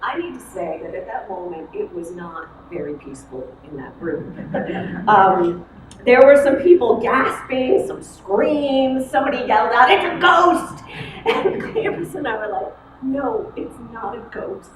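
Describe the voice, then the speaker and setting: A woman retelling a Bible story in the first person, expressive with dramatic pauses, as in a church service. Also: fairly high pitch. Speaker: worship storyteller. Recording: echoey room, mic far off, noisy.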